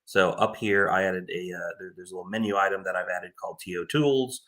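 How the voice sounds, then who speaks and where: A man's voice: low-pitched, steady tone, a little fast, fairly bright tone. A man who runs tournaments, informally and plainly walking through his scoring tools in a casual screen-share tutorial.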